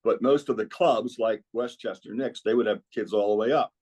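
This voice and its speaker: A man's voice: lowish voice, brisk, a little mellow, breathy edge. A man, a former club basketball coach, telling rambling stories in a casual podcast conversation. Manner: rambling, reminiscing storyteller.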